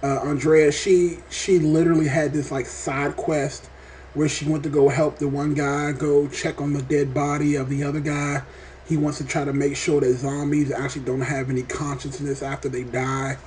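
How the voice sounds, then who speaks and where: A man reviewing a TV episode in a casual vlog, talking in an animated, rambling way and swearing often. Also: on the high side, normal speed, a little hiss or hum. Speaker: TV show reviewer.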